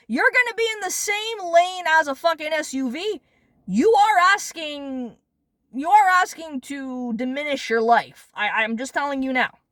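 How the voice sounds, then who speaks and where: A woman's voice: high-pitched, a bit bright, no echo, clean studio sound. A woman ranting bluntly and sarcastically, swearing a lot, in a vlog. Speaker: vlogger. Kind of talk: angry profane rant.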